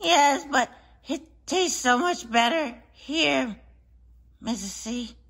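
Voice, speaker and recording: A woman playing a cheeky neighbor boy who mooches food, speaking slowly and deadpan. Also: high voice, heavily acted. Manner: slow, gravelly deadpan.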